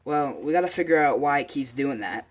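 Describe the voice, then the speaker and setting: A man's voice: medium pitch, lively intonation, a little fast, close to an everyday voice. A man voicing a brash teenage boy in a casual retelling, blunt and plain-spoken. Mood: thinking.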